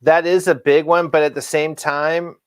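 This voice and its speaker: A man's voice: on the high side, level tone, normal speed, clear, resonant tone. Male co-host, casual and rambling, repeats himself and laughs a lot. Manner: rambling, self-correcting, laughs often. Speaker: co-host of a comic book show. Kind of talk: casual chat.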